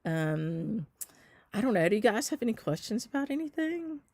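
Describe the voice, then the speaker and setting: A woman's voice: mid-range voice, very animated, normal speed, a little mellow, dry recording. A Southern American woman hosting a casual live stream, chatting and answering viewer comments with lots of ums. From Southern United States. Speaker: shop owner hosting a live stitch.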